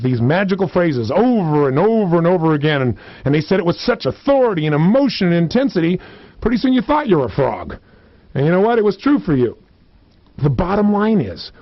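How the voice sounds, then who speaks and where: A man, a motivational speaker, teaching a self-help lesson with lots of energy and acting out people's voices with big swings in pitch. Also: dry recording. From United States. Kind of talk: recorded self-help seminar. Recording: dull lo-fi audio, dry.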